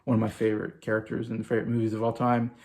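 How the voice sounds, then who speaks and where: A man's voice: fairly low pitch, completely flat delivery, racing, a little mellow. A man in his forties gushing enthusiastically in a casual movie review vlog.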